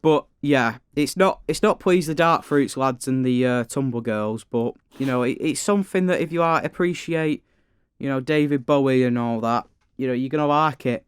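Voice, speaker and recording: A man's voice: mid-range voice, moderate pace, clear, resonant tone, no room sound. A teenage man from Greater Manchester with a Manchester accent, a radio studio guest who chats cheekily and stumbles over his words. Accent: Mancunian. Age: teens. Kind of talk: radio interview. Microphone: studio microphone.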